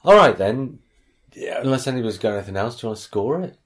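A man's voice: medium pitch, animated, fast talker. A man hosting a casual podcast, joking with co-hosts and reading out emails. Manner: jokey, reads out listener emails. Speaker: podcast host. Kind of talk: casual chat.

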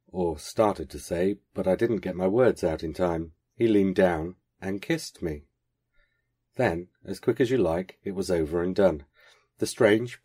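A man reading a first-person short story aloud in a measured, wry storytelling manner. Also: low-pitched, a little mellow, breathy edge. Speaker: podcast host reading a story.

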